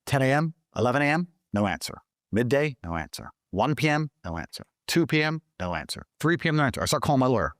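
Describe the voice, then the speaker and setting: Male guest, mid-range voice, dry close mic, swears freely and tells his story with animated, rising emphasis. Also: quick pace, no room sound. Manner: voice jumps higher when excited. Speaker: interview guest. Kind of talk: profane storytelling in conversation.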